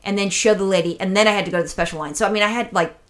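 Fast-talking, profane storytelling woman. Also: medium pitch, fairly even intonation. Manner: rambling, profane, exasperated storytelling; acts out other people's voices in quotes. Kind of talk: casual storytelling chat.

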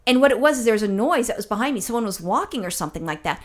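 A woman's voice: fairly high pitch, animated, racing. A woman co-hosting a comedy podcast, telling a rambling story and swearing freely.

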